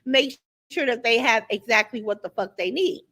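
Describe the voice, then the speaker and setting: A woman's voice: a little high, normal speed, a bit bright. A middle-aged woman hosting a casual livestream, talking bluntly and reading out viewer comments as she goes. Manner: blunt, chatty, reads viewer comments aloud. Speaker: livestream host.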